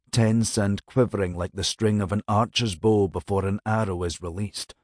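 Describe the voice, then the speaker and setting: Deep-ish guy reading an audiobook, dramatic and steady, dead dry sound. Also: no room sound. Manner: measured, dramatic storytelling. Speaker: audiobook narrator. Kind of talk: scripted audiobook narration.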